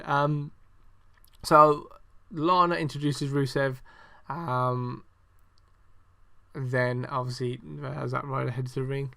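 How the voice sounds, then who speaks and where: A man's voice: mid-range voice, level tone, slow, vocal fry, bright, forceful tone. A young man hosting a podcast, reviewing wrestling in a rambling, sarcastic way, full of swearing and ums. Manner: exasperated, sarcastic. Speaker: podcast host. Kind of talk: casual wrestling review chat.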